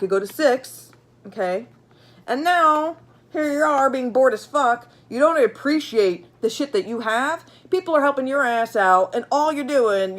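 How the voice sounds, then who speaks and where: A woman giving a casual tarot reading, blunt and profane, talking to viewers with lots of fillers and repeats. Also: a little high. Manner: blunt, swears freely, many fillers; chatty, repeats herself while pulling cards. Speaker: tarot reader.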